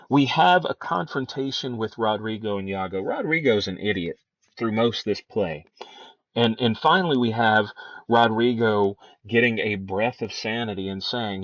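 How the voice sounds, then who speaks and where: Reading quotes aloud from a play, a man teaches a lesson in a relaxed way, full of fillers and false starts. His voice is lowish and a bit bright, and the lo-fi recording is dry and dull with no echo.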